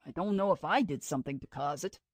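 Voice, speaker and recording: A woman's voice: deep voice, quick pace, no echo, voice pushed down. A woman reading the lines of a troubled man who speaks in an earnest, brooding way. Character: man, intense time traveler, troubled.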